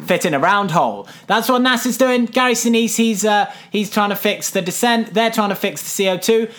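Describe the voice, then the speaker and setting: A man's voice: sits high, fairly bright tone. Playful rambling man recapping a film. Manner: playful, rambling, slips into silly voices for characters. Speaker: podcast co-host. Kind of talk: casual film recap chat.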